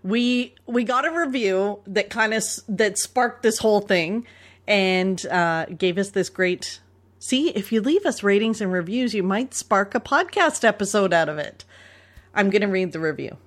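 A woman's voice: medium pitch, expressive, measured pace. A Canadian woman co-hosting a podcast in casual chat, chatty and laughing often. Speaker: podcast co-host.

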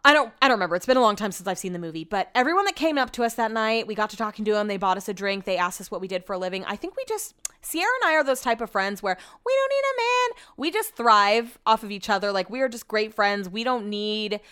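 A woman's voice: mid-range voice, expressive, fast talker, hardly any pauses, a bit bright, clean tone. A young adult woman hosting a podcast in casual chat, rambling and chatty, saying like a lot and swearing offhand.

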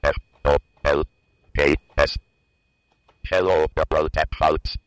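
A man playing back his old talking note-taker, a flat monotone male speech synthesizer voice. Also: very deep voice, takes it slowly, clear, resonant tone, no room sound.

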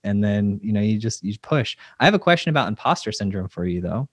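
A man's voice: fairly low pitch, big pitch swings, fast talker, slightly rough, no echo, clean studio sound. A man hosting an interview, friendly and joking, with rambling questions. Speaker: interviewer, host. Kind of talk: casual interview.

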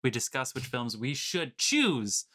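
A man's voice: mid-range voice, very animated, unhurried, bright, forceful tone. A man hosting a casual movie podcast over a video call, emphatic and swearing freely, with showman-style segment intros. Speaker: podcast host.

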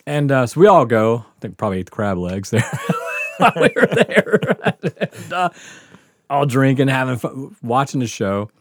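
A man's voice: mid-range voice, big pitch swings, moderate pace, no echo, studio quality. A middle-aged man, telling a rowdy, profane story on a podcast and laughing as he talks. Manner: rowdy, profane, laughs through his stories. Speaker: podcast host. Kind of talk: casual storytelling.

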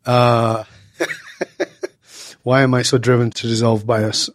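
A man in his sixties from Northern England, a guest telling stories in conversation and acting out the dialogue with lively voice changes. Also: medium pitch, takes it slowly, no room sound, clean studio sound. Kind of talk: animated storytelling in conversation.

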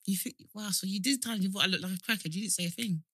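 A woman chatting casually with a friend, animated and teasing, often breaking into laughter. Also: mid-range voice, rapid-fire, slight background noise. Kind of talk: casual chat between friends.

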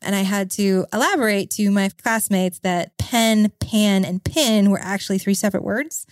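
A woman's voice: medium pitch, moderate pace, dry recording. A woman telling an amused childhood story as an interview guest. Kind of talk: casual storytelling.

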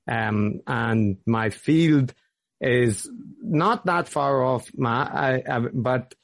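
A man with a Belfast accent speaks at an ordinary mid pitch. He is a podcast guest and an academic, and he answers in hesitant, halting sentences that often start over. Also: vocal fry. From Northern Ireland. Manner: hesitant, many restarts. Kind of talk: conversational interview.

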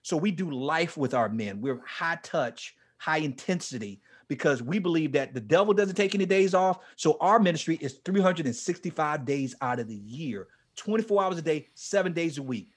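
A man in his forties, a ministry leader, telling his life story with strong emotion, dropping to a hush and then rising almost to a shout. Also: on the high side, animated, moderate pace, few pauses, slightly rough. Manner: passionate, swings from hushed to near-shouting. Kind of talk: emotional testimony in an interview.

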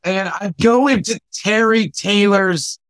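Male guest, high voice, halting storyteller with lots of fillers; dry sound. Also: a bit bright, dry recording. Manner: rambling, halting, many fillers. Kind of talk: casual memorial chat.

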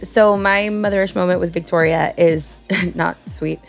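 A woman in her thirties co-hosts a relaxed podcast chat. She talks with a gravelly rasp in her voice and a chatty, storytelling manner, laughing easily and acting out the people she quotes. A little music plays softly underneath. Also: fairly low pitch, measured pace. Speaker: podcast co-host. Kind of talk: casual chat.

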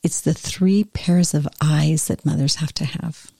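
Woman reading as God, slow and soft. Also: deep voice, fairly even intonation, gravelly, husky, no echo, exaggerated voice. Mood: earnest. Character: God, a tireless male creator, proud.

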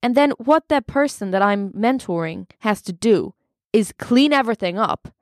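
In an improvised comedy role-play, a woman studio guest plays a cocky American male self-help mentor who boasts and rambles with plenty of fillers. She uses a natural, mid-range voice with lively intonation at normal speed, and the clean studio sound has no echo.

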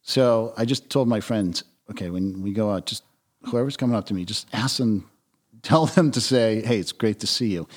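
A man as a podcast guest, talking reflectively with frequent restarts and soft trailing phrases. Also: on the low side, moderate pace. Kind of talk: conversational interview.

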